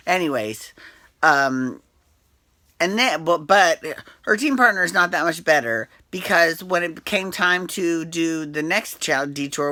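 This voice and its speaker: Gossipy man rambling in a bright voice. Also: dry recording. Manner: rambling, gossipy, blunt with frequent fillers and restarts; mimics people in high exaggerated voices. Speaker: recap host. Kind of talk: casual recap chat.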